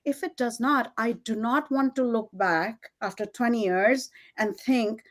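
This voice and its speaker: A middle-aged woman from India with an Indian English accent, telling her story in an interview, animated and laughing often, with many fillers. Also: on the high side, measured pace. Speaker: guest, fashion designer.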